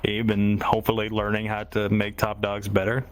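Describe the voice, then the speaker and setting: Low-voiced man with a Southern accent. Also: monotone, moderate pace, faint music behind. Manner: reflective, thinking out loud with fillers. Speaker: podcast co-host. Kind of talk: casual podcast chat.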